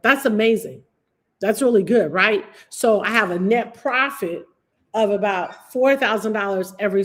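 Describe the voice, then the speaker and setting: A woman teaching real estate investing on a live stream, emphatic and repetitive, calling on viewers by name. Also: mid-range voice. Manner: emphatic, repeats key phrases, addresses viewers by name.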